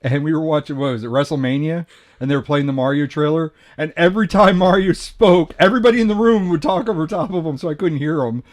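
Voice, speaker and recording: A man's voice: fairly high pitch, quick pace. Rambling man chatting on a podcast. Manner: rambling, self-correcting, laughs often. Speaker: podcast host. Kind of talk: casual chat.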